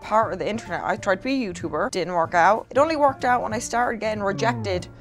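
A woman's voice: mid-range voice, lively intonation, quick pace, faint music behind. A woman with an Irish accent, a streamer being interviewed, teasing and blunt in casual chat. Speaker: streamer guest.

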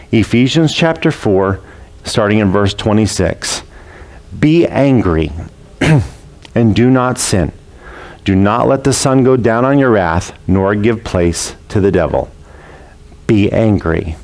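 A man's voice: on the low side, darkish tone. A man preaching a sermon as a pastor, earnest and emphatic, repeating his key lines for weight.

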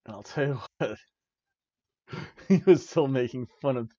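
A man casually reviewing wrestling as a podcast co-host, with an enthusiastic, rambling delivery full of restarts. His pitch sits in the ordinary middle range. The recording is dry and a bit dull. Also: measured pace, dark tone, dry recording. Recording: dry, slightly muffled home recording.

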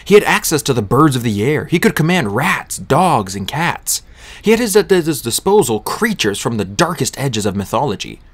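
A man reading a fantasy novel aloud as an audiobook narrator, with an expressive delivery. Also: mid-range voice, moderate pace.

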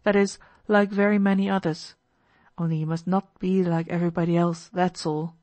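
A woman voicing a gentle, earnest young man in an audiobook, speaking calmly and sincerely. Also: lowish voice, moderate pace, no echo, lightly acted. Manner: calm, kind, sincere counsel. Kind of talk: audiobook character voice.

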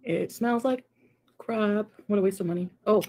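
A woman's voice: mid-range voice, normal speed, darkish tone. A young adult woman on a casual livestream, reading viewer comments aloud and adding sarcastic asides.

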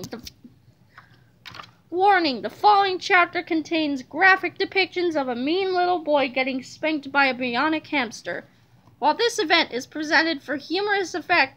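Bright, high-voiced woman reading aloud. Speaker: reader. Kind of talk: reading a children's book aloud.

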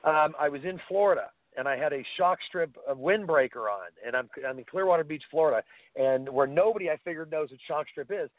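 A man's voice: fairly high pitch, fairly quick, no echo. Man telling stories on a tinny phone line. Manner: enthusiastic storyteller, animated anecdotes. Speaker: guest, helmet pad inventor. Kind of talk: phone-in radio interview.

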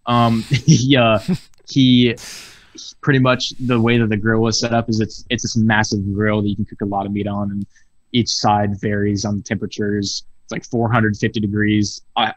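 A man, a podcast guest, telling a long workplace story in a casual, profane, animated way over a video call. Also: on the low side, normal speed, no echo. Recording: dull lo-fi video call audio.

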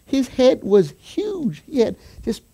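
A man preaching a sermon as pastor, telling a story with quoted voices and rising to excited shouts. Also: extremely high pitch, takes it slowly, slightly rough. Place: church sanctuary.

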